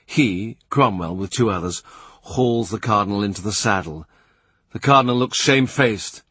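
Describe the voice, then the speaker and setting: A man reading a literary novel aloud in a measured, understated way. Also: fairly low pitch, pushed and bright, slightly rough, dry recording. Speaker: audiobook narrator. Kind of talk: scripted literary narration.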